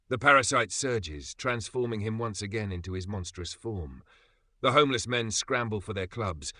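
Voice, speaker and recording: A man's voice: on the low side, normal speed, pushed and bright, no room sound. A man narrating a comic recap in scripted, dramatic storytelling.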